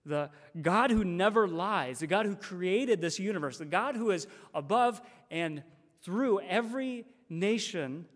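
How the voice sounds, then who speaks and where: A man's voice: sits high, expressive, a little slow. A man preaching a sermon as a guest speaker, emphatic and repeating phrases for stress. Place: church sanctuary. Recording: long church reverb.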